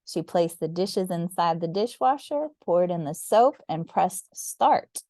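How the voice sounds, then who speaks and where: A woman reading a children's storybook aloud with gentle, expressive narration. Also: on the low side, a little slow, no room sound, studio quality. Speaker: storybook reader.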